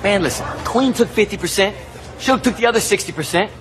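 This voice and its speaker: A sullen, deadpan washed-up star. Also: male voice, sits high, brisk, background noise. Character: bitter, deadpan former star, grumbling man.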